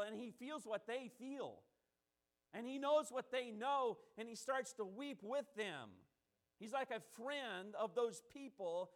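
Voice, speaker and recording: A man preaching a sermon, repeating phrases for emphasis and drawing out key words as he builds. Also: sits high.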